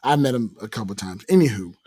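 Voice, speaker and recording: An American man hosting a podcast, chatting casually and telling animated stories with playful accent mimicry. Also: mid-range voice, fast talker, husky. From United States. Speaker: podcast host. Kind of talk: casual chat.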